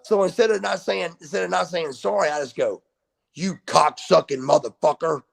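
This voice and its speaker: A gravelly man in his fifties talks as a guest over a video call. His husky voice spins animated stories, and he swears freely. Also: sits high, a little fast. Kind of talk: casual storytelling interview.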